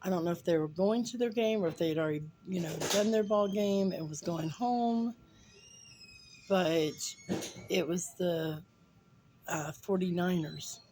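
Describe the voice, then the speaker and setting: Chatty woman in her fifties, low-pitched. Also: a little slow, dark tone, a little hiss or hum, poor audio. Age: 50s. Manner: chatty, humorous, with many fillers and acted-out quotes. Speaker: vlogger. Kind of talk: casual personal storytelling.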